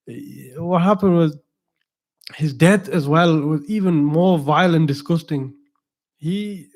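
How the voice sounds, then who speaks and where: A man gives a religious talk as a teacher, with a voice that sits a little high. He tells his story in a loose, chatty way and turns aside to ask the audience questions. He chuckles at the odd parts of the tale. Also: a little mellow.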